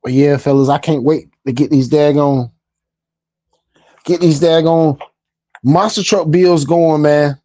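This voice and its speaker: A man's voice: fairly high pitch, fairly even intonation, a little slow, pauses often, mellow, dry recording, muffled recording. A man hosting a casual hobby live stream, chatting in a laid-back, talkative way and often repeating his phrases. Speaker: livestream host.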